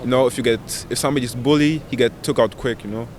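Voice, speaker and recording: A young man, answering street interview questions casually and haltingly, often searching for words. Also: mid-range voice, steady tone. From Germany. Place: city street outdoors. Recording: outdoor street with loud traffic noise.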